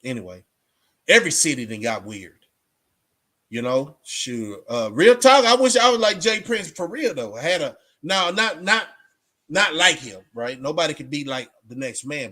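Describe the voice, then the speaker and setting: A man's voice: sits high, fairly bright tone. A man hosting a livestream, talking to viewers in a casual, rambling monologue full of streetwise slang and restarts. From Texas. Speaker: livestream host.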